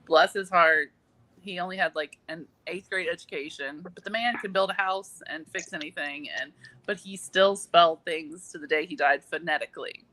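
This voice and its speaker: A woman's voice: fairly low pitch, moderate pace, sharp tone, no echo, low-quality recording. A woman chatting casually on a video call, self-deprecating and laughing often. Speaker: podcast co-host. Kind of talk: casual chat. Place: home, packing for a trip.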